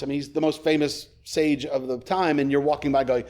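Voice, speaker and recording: Lighthearted man preaching, a bit high-pitched. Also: steady tone, fast, hardly any pauses, darkish tone. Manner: conversational, with joking asides. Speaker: rabbi, guest preacher. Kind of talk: sermon. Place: church sanctuary.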